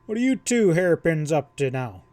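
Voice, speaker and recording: Brief: sly joshing western rancher, read by a man, a touch high, dry sound. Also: sing-song, moderate pace, mellow, no room sound. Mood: teasing. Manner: teasing, shrewd. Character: shrewd grinning younger rancher and ex-lawman.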